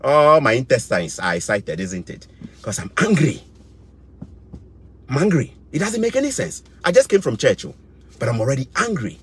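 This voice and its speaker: A man's voice: mid-range voice, sing-song, normal speed, long pauses, slight background noise. A middle-aged Ghanaian man with a Ghanaian English accent, giving impassioned commentary, indignant and repeating phrases for emphasis. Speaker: vlogger.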